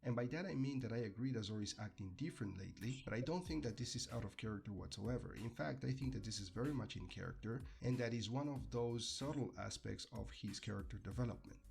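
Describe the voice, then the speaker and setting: A man reads his scripted commentary in a measured, analytical way. His mid-range voice has a gravelly, creaky edge. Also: medium pitch, a little mellow. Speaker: video essayist.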